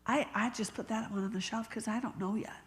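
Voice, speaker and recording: A woman's voice: fairly high pitch, steady tone. Woman preaching in a reverberant church. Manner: conversational storytelling, drops to whispers and acts out quotes; laughs easily, talks slowly. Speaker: bishop preaching. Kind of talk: sermon. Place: church sanctuary. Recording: long reverb of a church hall.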